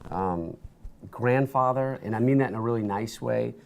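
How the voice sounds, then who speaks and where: A man talking as a guest in a studio interview, telling animated stories with lots of restarts and bursts of energy. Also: mid-range voice, moderate pace, gravelly. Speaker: interview guest, sports broadcaster.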